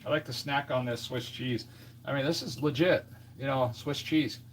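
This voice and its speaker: A man talks casually to his live-stream viewers from his home kitchen, narrating each small step as he goes. His voice sits at an ordinary middle pitch, with a faint hiss of background noise under it. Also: moderate pace. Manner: chatty, thinks aloud while working in the kitchen.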